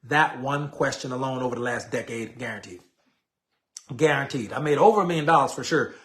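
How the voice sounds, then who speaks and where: A man's voice: medium pitch, brisk. A man in a casual, slangy live teaching session on network marketing, acting out sample messages in between.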